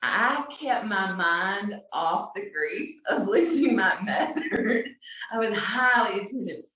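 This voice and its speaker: A middle-aged woman from Texas telling a personal story on a video call, unhurried and halting, with fillers and soft laughs. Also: medium pitch, expressive, far from the mic. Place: home room on a video call. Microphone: video call mic, set back. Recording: roomy echo, voice off-mic.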